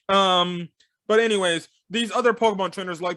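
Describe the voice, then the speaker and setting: A man's voice: high voice, steady tone, moderate pace, fairly bright tone, dry recording, studio quality. A man giving a casual, rambling film review, full of fillers and sarcastic asides.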